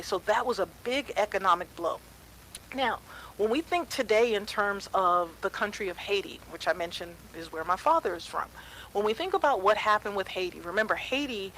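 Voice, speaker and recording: A woman's voice: medium pitch, a bit bright, slight background noise, poor audio. A woman teaching economic history in a casual, conversational way, asking her listeners rhetorical questions. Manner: conversational, asks rhetorical questions, frequent fillers. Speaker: personal finance educator. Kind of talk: casual explanatory lecture.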